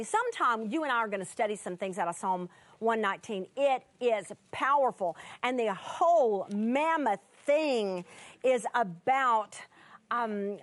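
A woman's voice: fairly high pitch, no echo. A woman teaching from the Bible in an earnest, conversational way, often restarting her sentences. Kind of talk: sermon.

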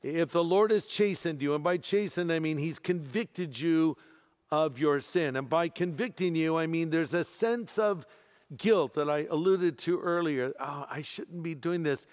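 A man preaches a sermon, his voice sitting a little higher than most men's. He drives home his points with emphasis and drops in dry jokes along the way. Everything echoes with the long reverb of a large hall. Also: a little slow. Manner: emphatic preaching with humorous asides. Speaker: pastor.

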